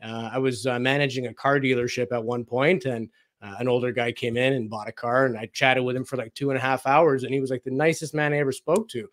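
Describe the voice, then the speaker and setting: A man's voice: medium pitch, fairly even intonation, quick pace. A man as a guest on a radio interview, telling personal stories in a casual, anecdotal way and acting out quoted conversations. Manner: anecdotal, acts out quoted dialogue, frequent fillers.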